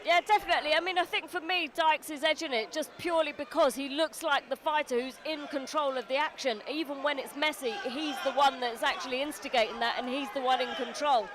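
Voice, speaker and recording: A woman's voice: sits high, fairly even intonation, brisk, hardly any pauses. Woman pundit over arena crowd. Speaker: boxing pundit. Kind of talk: live ringside analysis. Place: boxing arena. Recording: loud arena crowd behind.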